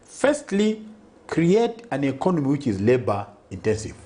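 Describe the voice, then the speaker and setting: In a television studio, a party president emphatically builds his case one point at a time, checking in with "Okay?" and now and then stumbling on a word. He speaks at a moderate pace in a slightly high, sing-song voice with a dark tone.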